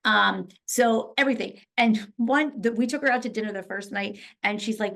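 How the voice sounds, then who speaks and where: Animated woman telling a story. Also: mid-range voice, moderate pace, creaky. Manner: animated storyteller, laughs often. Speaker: poker pro guest. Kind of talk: casual podcast interview.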